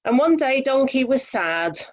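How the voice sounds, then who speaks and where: A woman reading a children's story aloud over a video call, lively, expressive and chatty. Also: sits high, a little slow.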